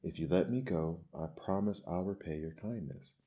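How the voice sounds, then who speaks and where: A man voicing a tiny, timid mouse speaking softly in a storybook reading. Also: sits low, normal speed, phone-quality sound, natural voice. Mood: apologetic. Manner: timid, soft.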